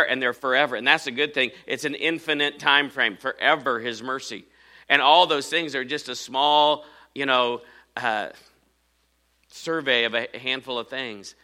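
Bright-voiced preaching man. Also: mid-range voice. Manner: earnest preaching, repeats phrases for emphasis. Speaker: pastor. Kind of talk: sermon.

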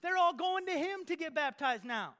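A man voicing an indignant young male disciple who tattles in excited slang. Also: very high-pitched, normal speed, pitched above the performer's own voice, heavily acted.

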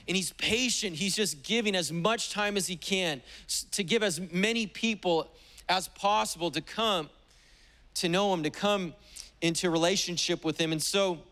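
A man's voice: high voice, normal speed, bright, forceful tone. A man pastor delivering a sermon at a church service, emphatic and declarative, with repeated exhortations. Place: church sanctuary during a service.

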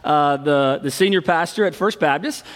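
Man, middle-aged pastor, animated sermon, high pitch, long reverb. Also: moderate pace. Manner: storytelling, animated, fond of shouting the cheer. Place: large church sanctuary.

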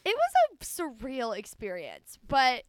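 Young adult female co-host, bright high voice, lively laughing storyteller, dry room. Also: a little slow, smooth, no echo. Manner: animated, laughs often while telling stories. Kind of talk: casual storytelling chat.

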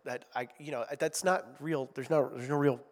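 Pastor preaching in a reverberant hall. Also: male voice, mid-range voice, steady tone, normal speed. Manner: chatty, self-deprecating humor with asides. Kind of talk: conversational sermon. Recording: long reverb of a large hall.

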